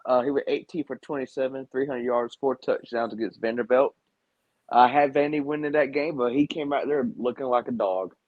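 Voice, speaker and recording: A man co-hosting a casual sports chat, halting and leaning on filler phrases. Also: medium pitch, steady tone, no echo, highs cut off. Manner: halting, leans on "you know". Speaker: co-host.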